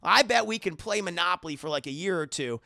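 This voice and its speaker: Man putting on an oblivious chatty young guy, high and bright, rambling. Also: lively intonation, fast talker, creaky, dry recording, clean studio sound, exaggerated voice. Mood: eager. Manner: eager rambling.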